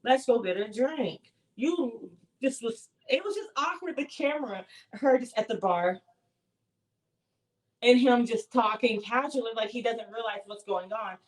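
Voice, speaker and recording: A woman with a somewhat high voice co-hosts a relaxed podcast chat. She talks in an animated, exclaiming way and often acts out what others said. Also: measured pace, poor audio. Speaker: podcast co-host. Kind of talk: casual chat recapping a reality show.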